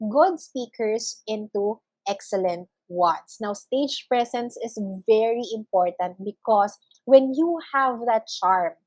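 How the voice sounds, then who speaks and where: A young woman teacher talks through a recorded lesson in a measured, explanatory way, stacking ideas in parallel phrases. Her voice sits a little high. The sound is dry and close to the mic. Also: darkish tone, dry recording, rough recording. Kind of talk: recorded online lecture.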